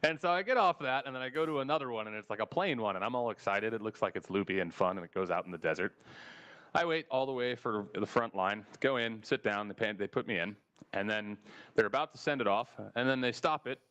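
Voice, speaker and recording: Man, American accent, low-ish voice, casual swearing storyteller, acts out conversations. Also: fast, highs cut off. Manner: animated, swearing, acts out dialogue. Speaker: podcast regular telling a travel story.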